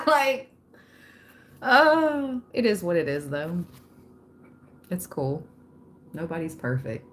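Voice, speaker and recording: Brief: woman tarot reader on a livestream, lowish voice, unhurried, chatty, laughs a lot. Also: a little hiss or hum. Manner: chatty, laughs often, addresses viewers directly. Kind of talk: casual spiritual reading to a live chat.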